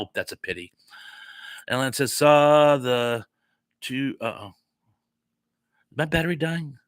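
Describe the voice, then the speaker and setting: Bright-voiced man hosting a live chat. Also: medium pitch, animated, normal speed, pauses often, dry recording. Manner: chatty, reads comments aloud, easily flustered. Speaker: live stream host. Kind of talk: casual live chat reading viewer comments.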